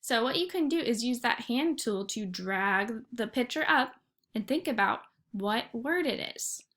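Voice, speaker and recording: Lady teacher talking real slow for little kids, kinda high voice, sounds out every letter. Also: animated, a bit bright. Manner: slow, patient, encouraging, stretches out sounds. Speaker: first grade teacher. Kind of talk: recorded online phonics lesson.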